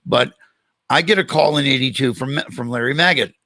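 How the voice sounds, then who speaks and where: Brisk and medium-pitched, an older man hosts a casual podcast interview on a dry recording. He spins a lengthy anecdote with animation, performing each line of quoted dialogue.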